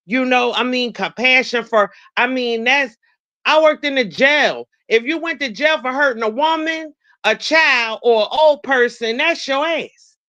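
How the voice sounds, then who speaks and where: A woman's voice: sits high, a little slow, sharp tone, no room sound, dull audio. A middle-aged woman telling stories on a video call, indignant and preachy about how people behave. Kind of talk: casual live-stream chat.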